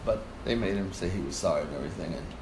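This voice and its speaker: With a deep voice racing along, an older man performing as a guest spins a story in conversation, animatedly putting on the voices of those involved. The recording has an echoey room sound and a faint hiss.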